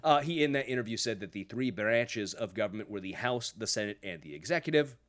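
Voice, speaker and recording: A man's voice: lowish voice, animated, fairly quick, a bit bright. A man hosting a podcast, giving sarcastic, profane political commentary in a mocking tone. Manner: sarcastic, swears a lot, mocking. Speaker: podcast host.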